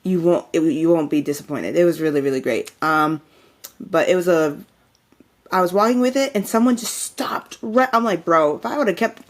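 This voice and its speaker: Young woman chatting on a podcast, tells stories and acts out quotes all animated. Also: lowish voice, normal speed. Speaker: podcast co-host. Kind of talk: casual chat.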